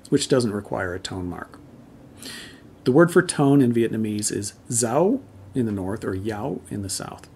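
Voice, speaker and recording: A man giving a calm, measured language lesson, explaining spelling and tones step by step. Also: mid-range voice, slightly rough. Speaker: language teacher.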